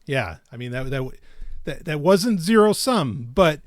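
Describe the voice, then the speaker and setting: Male podcast co-host, slightly high, very lively pitch, rambling and laugh-prone, dry studio sound. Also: no echo. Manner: rambling, self-interrupting, quick to laugh. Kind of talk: casual chat.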